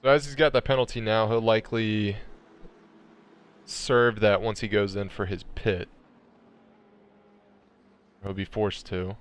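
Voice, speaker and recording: A man's voice: on the low side, fairly even intonation, a little slow, pauses often, clean tone. Joking man calling a sim race. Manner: joking, laughs often, jokey put-on accents. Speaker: sim racing commentator. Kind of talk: casual esports race commentary.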